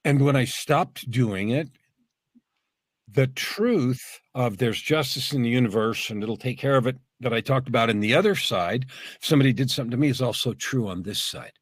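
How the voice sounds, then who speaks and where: A man with a husky voice speaks as a guest in a reflective conversation. His delivery is earnest and measured, and the recording is dry and close. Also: mid-range voice, no room sound.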